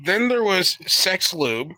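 Animated high-voiced young man telling a story. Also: slow pace, no room sound. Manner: animated, laughing retelling with acted quotes. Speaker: podcast host. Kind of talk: casual storytelling.

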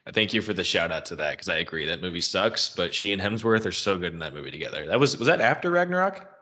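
A man with a bright, forceful voice sits at the mic for a casual podcast chat. He rants his opinions freely and swears often, and his voice sits a little low for a man. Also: very animated, fast. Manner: opinionated ranting with frequent swearing. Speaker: podcast co-host.

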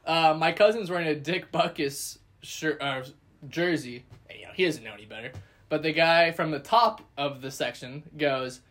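A man co-hosting a podcast tells a story in casual chat, animated and laughing often. His pitch is fairly high and his pace moderate.

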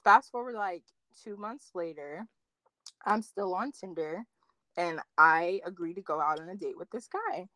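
A young woman telling dating stories in casual chat, full of "like" fillers and quoting others with big jumps in pitch. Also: measured pace, dry recording. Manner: animated storyteller, acts out quotes with big pitch jumps, many "like" fillers.

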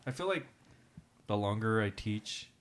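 A man co-hosting a casual podcast, a teacher who tells animated stories, acts out quotes and talks with many fillers. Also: on the low side, a little slow. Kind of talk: casual chat.

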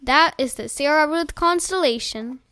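Lawrence, a woman doing a calm gentle man. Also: sits high, moderate pace, dry recording, studio quality.

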